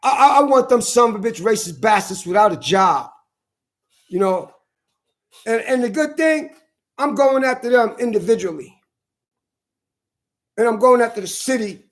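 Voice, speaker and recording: A man in a furious, profane rant, repeating himself and shouting at times. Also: very high-pitched, lively intonation, normal speed, long pauses. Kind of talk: angry profane rant to camera.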